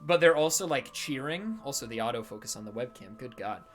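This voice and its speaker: A man's voice: mid-range voice, animated, fairly quick. Casual male game master narrating. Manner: casual, loose, full of fillers.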